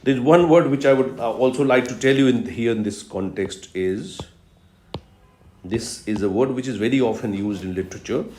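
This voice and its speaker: A man giving a recorded lecture on poetry, teaching slowly and emphatically with repetitions and fillers. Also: mid-range voice, a little mellow, a little hiss or hum. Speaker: English literature lecturer. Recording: echoey room.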